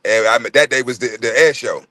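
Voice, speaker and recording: Brief: man, casual livestream co-host, bright forceful voice, animated profane storyteller. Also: mid-range voice, moderate pace, dry recording. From North Carolina. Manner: animated, profane, acts out quoted voices loudly. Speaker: podcast co-host. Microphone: livestream mic.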